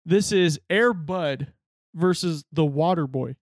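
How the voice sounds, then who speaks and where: A man with a high, bright voice riffs animatedly through casual podcast banter, cracking jokes and tossing off quick character voices. He is recorded close and dry, with no room sound. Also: dry recording. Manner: animated, jokey, does quick voices in stories. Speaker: podcast co-host. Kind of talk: casual chat.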